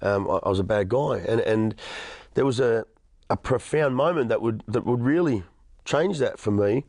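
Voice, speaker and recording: Earnest Australian male guest in his thirties, gravelly voice, dry recording. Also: mid-range voice, moderate pace, a little mellow, no room sound. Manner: earnest, frequent restarts and stammers. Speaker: interview guest. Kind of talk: personal testimony in conversation.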